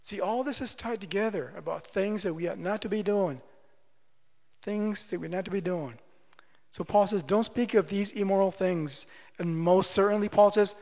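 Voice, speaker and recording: High-voiced preacher in an echoing hall. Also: male voice, moderate pace, gravelly. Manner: emphatic, repeats phrases, asks the congregation questions. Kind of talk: sermon. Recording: long reverb of a large hall.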